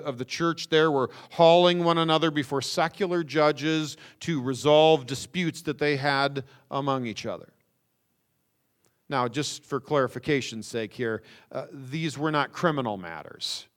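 A man preaching a sermon, stressing words with slow emphasis and rhetorical questions. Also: on the high side. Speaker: pastor.

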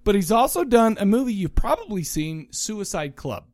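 A man's voice: high-pitched, big pitch swings, normal speed, darkish tone, no echo, studio quality. A man co-hosting a podcast, chatting casually and jokingly about a movie, rambling and stumbling over names. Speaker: podcast co-host. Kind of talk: casual comedic movie review chat.

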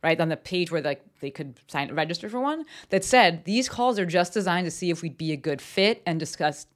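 A woman hosting her own podcast, talking candidly and bluntly in a casual solo monologue, with casual swearing and animated asides. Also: on the low side, a little fast. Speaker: podcast host.

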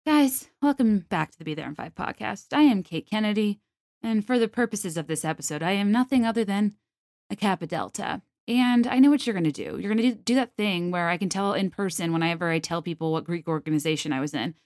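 A young woman hosts her own comedy podcast, riffing alone in a lively, sarcastic way. She keeps breaking into mocking put-on voices. Her voice sits at a middle pitch, and the close mic sounds dry. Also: fairly quick, no room sound. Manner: animated, sarcastic, jumps into mocking quoted voices. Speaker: podcast host. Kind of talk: solo comedic podcast monologue.

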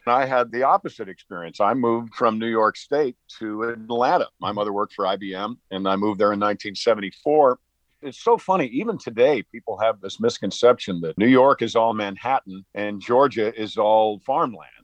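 A man's voice: fairly low pitch, normal speed, no room sound, highs cut off. A man in his sixties, an actor and singer-songwriter, talking casually and upbeat in an interview, expansive and motivational. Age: 60s.

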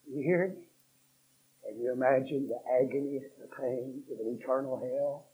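A man preaching a fiery revival sermon, telling a story that builds from low, quick talk to shouted repetition. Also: slight background noise. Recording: dull lo-fi sermon recording.

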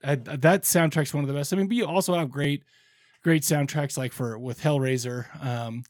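A man hosts a podcast in a loose, rambling way and talks his way around his points. His voice sits somewhat high, and the sound is dry and close to the mic. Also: moderate pace, a little mellow, no room sound. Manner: rambling, laid-back, with lots of fillers and restarts. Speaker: podcast co-host. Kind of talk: casual chat.

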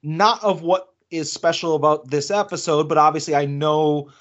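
A man's voice: a little high, normal speed, fairly bright tone. A man co-hosting a casual podcast, playful and laughing often. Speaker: podcast co-host.

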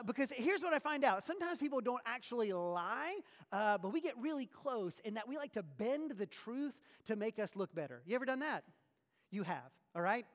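Animated preaching man in a reverberant hall. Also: very high-pitched, brisk. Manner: animated, full of rhetorical questions and sarcastic asides. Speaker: pastor. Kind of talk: sermon.

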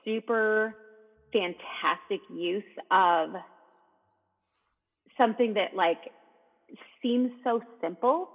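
A woman's voice: mid-range voice, takes it slowly, long pauses. A woman co-hosting a casual chat, enthusiastic and rambling, heard over a tinny line. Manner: enthusiastic, rambling, many fillers. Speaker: co-host. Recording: tinny phone-like line with long reverb.

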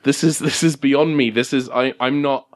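A man's voice: mid-range voice, fairly even intonation, moderate pace, pitched above the performer's own voice, lightly acted. A man voicing an overwhelmed male soldier who stammers and breaks down.

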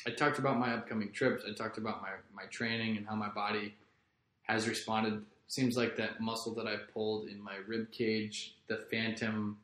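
A man's voice: fairly low pitch, a bit bright. A man hosting a podcast, rambling through a casual solo monologue in a laid-back way and swearing freely. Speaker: podcast host. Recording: roomy echo.

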